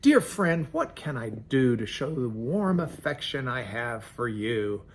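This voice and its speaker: A man voicing a cunning, flattering spider in a storybook poem, sweet-talking and wheedling. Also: mid-range voice, a little slow, a little hiss or hum.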